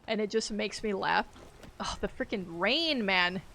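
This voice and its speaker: A woman's voice: mid-range voice, animated, unhurried, gravelly, bright, forceful tone. A woman streaming a game, chatting casually and rambling, laughing easily as she plays. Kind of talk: casual gaming livestream chat.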